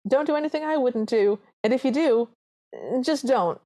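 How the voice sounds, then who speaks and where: Woman doing a cheeky high fairy godmother. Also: normal speed, warm tone, natural voice. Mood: teasing.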